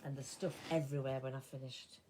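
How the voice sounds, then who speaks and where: An older woman chatting casually as she sews, talking to herself and dropping into soft mutters. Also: extremely low pitch, little pitch movement, quick pace. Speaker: sewing vlogger. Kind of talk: casual chat while sewing. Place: home sewing room. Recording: clear sewing machine noise behind.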